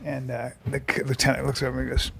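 A man hosting a podcast, telling stories in casual comedic chat and often dropping to a hushed delivery. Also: mid-range voice, completely flat delivery, quick pace, gravelly, slight background noise. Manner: storytelling, slips into quiet hushed delivery. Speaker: podcast host.

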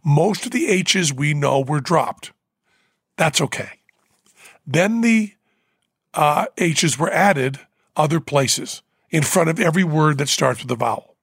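Husky gravel-voiced man telling a story. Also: a little high, dry recording. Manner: rambling, animated, quick laughs, fillers. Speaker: podcast host. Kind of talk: casual storytelling. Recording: dry close studio mic.

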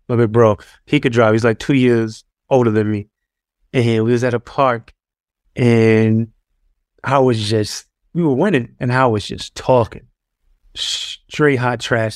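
A man's voice: medium pitch, smooth, dry recording, clean studio sound. New man telling stories casually. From New York. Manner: loose, street-casual, many fillers and restarts. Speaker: guest, former pro basketball player. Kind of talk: casual storytelling in an interview.

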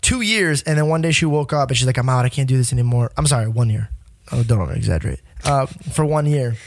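A young man in his twenties, a podcast guest telling a story in casual chat, animated and profane, laughing often and acting out what people said. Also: mid-range voice, fast, no echo.

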